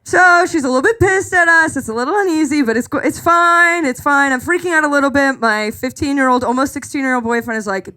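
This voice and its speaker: A young woman with a high, bright voice tells a story to a live audience, animated and self-mocking, switching into voices for the people in her tale. She talks into a stage microphone. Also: fast, hardly any pauses. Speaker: stand-up comedian. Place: live comedy club stage.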